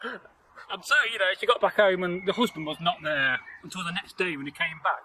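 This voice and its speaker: Guy telling a folk tale outside, high bright voice, chatty and rambly, lots of laughs. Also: a little fast, slight background noise, low-quality recording. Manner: rambling and chatty, laughs often, jokes with his companion. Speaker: folktale storyteller and channel host. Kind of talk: casual spoken storytelling. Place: outdoors in nature.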